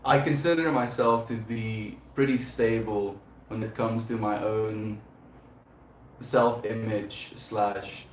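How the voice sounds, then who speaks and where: A man's voice: lowish voice, fairly even intonation, slow pace. Guy rambling on his livestream, thoughtful, laughs a lot, echoey room w/ faint hiss. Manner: rambling, reflective, laughs often. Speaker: livestream host. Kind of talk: casual livestream chat.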